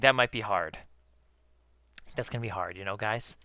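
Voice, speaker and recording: A man in casual chat with viewers while gaming, excitable, swearing often and calling his viewers guys. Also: on the low side, normal speed, dry recording, studio quality. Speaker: gaming YouTuber.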